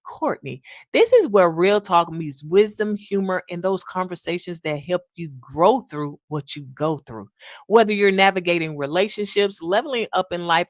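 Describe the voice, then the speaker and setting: A woman hosting a solo podcast, talking with folksy asides and repeating key lines slowly for emphasis. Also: lowish voice, no echo, studio quality. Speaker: podcast host.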